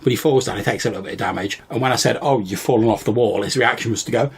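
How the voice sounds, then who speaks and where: Male podcast co-host, low gravelly husky voice, rambling casual recap of a game night. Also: very fast. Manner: rambling, many fillers and restarts. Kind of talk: casual storytelling chat.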